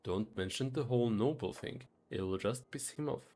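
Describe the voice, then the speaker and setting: A man voicing a sly male inner voice in a video game, speaking in hushed, conspiratorial asides. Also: mid-range voice, normal speed, a little hiss or hum, pitched below the performer's own voice, lightly acted.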